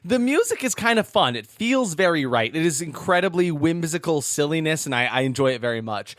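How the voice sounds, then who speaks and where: A man co-hosting a podcast, recapping a movie in a casual, animated way with frequent laughter. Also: fairly high pitch, brisk, no echo. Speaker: podcast co-host. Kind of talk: casual movie-review chat.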